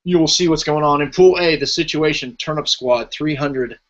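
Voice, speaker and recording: A man's voice: on the high side, normal speed, fairly bright tone. Podcast host, man, chatty, reads out team lists, dull lo-fi audio. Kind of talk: casual podcast chat.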